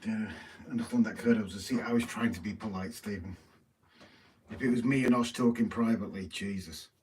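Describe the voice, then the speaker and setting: A British man co-hosting a live stream chats casually, reading viewer comments and teasing in banter. His voice is on the low side, fairly even in intonation and a little fast, and it sounds distant with faint noise.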